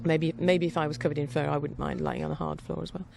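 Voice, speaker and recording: A woman's voice: low voice, level tone, fast talker, gravelly, noisy background. A middle-aged woman rambling casually as a podcast host, chatty and meandering. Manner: chatty, meandering, with frequent restarts and laughs.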